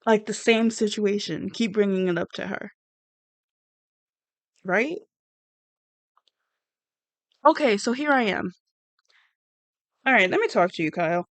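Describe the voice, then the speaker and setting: A woman's voice: medium pitch, unhurried, long pauses, no echo. A woman giving blunt, rambling, sassy commentary on a reality show. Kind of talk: casual reaction commentary.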